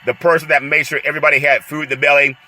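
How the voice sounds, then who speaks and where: A man's voice: on the high side, rapid-fire, low-quality recording. A man hosting a casual sports talk show, exuberant and hyped, calling on listeners for praise and laughing often. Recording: steady background noise.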